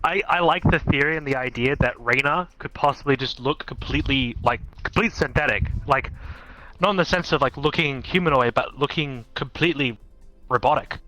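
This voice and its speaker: Man, casual roleplay chat, eager, profane, bright voice. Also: mid-range voice, a little fast, rough recording.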